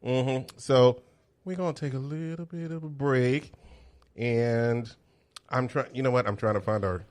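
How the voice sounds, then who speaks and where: A man co-hosting a podcast, chatting casually and backing up his partner with steady murmurs of agreement. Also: mid-range voice, unhurried. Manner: constant "mm-hmm" backchannels, supportive. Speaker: podcast co-host. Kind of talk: casual chat.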